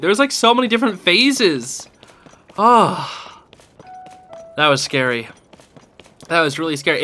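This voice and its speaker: Excitable young man, high lively voice. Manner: excitable, yelps and laughs under pressure; casual slang, says dude and bro. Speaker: gaming channel host. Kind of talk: live gameplay commentary. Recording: game music behind voice. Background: game music.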